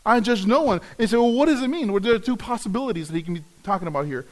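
A man's voice: high-pitched, expressive, very fast, darkish tone. A man preaching a sermon, earnest, often repeating words as he restarts a phrase. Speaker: pastor.

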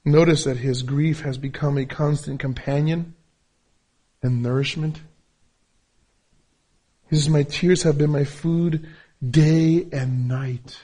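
A man's voice: a little high, fairly even intonation, slow pace, long pauses, warm tone, slightly rough. A pastor preaching a sermon in English, his second language, with a non-native accent and emphatic, repetitive phrasing. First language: not English.

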